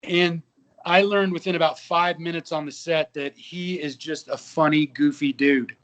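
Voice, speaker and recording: Guest: 50s male actor, slightly higher voice, animated storyteller who acts out quotes. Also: normal speed, muffled recording. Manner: lively anecdotes with quoted dialogue. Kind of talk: casual interview storytelling.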